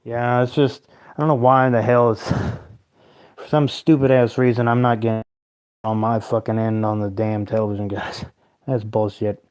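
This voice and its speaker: A man's voice: medium pitch, flat delivery, normal speed, a little mellow, clear, resonant tone. A man hosting a casual livestream at home, reading viewer comments aloud and rambling with lots of swearing and frequent laughter. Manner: profane, rambling, laughs often. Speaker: livestream host.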